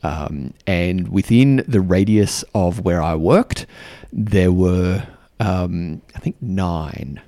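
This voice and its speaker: Aussie guy telling a story on his podcast, low gravelly voice, lots of ums. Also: slow pace, dark tone, no room sound. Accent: Australian. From Australia. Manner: chatty, full of ums and likes, acts out others' lines. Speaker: podcast host. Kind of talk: casual storytelling.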